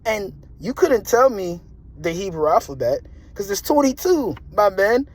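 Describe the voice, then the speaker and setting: A young man telling a story in a casual monologue, animated and slangy, repeating himself and laughing often. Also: high voice, a little slow. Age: young adult. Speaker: vlogger.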